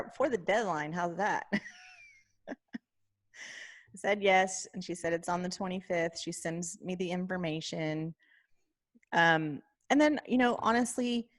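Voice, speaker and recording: A woman podcast co-host in casual chat, telling a story in an animated way and often quoting herself and others. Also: fairly low pitch, measured pace, long pauses.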